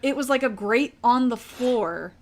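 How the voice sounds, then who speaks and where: A woman's voice: fairly high pitch, animated, a little slow, crowd noise. A woman casually recapping a book on a podcast, chatty and laughing often. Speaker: podcast co-host.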